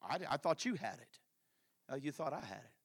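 A man's voice: mid-range voice, very animated, a little fast, husky, dry recording, clean studio sound. A preacher acting out a bickering male disciple who stammers out indignant questions. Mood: defensive.

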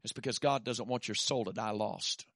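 A man preaching a sermon, swinging from shouted peaks to quiet asides and dropping in "amen.". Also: lowish voice, normal speed, no echo, clean studio sound.

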